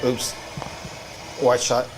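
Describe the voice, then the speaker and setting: A man hosting a live podcast in casual chat, relaxed as he talks while searching his computer. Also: drawn-out words, noisy background. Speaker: podcast host.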